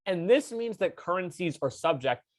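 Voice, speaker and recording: A man's voice: sits high, animated, normal speed, no room sound. A man teaching a casual lecture as debate coach, informal and full of fillers, with slangy asides.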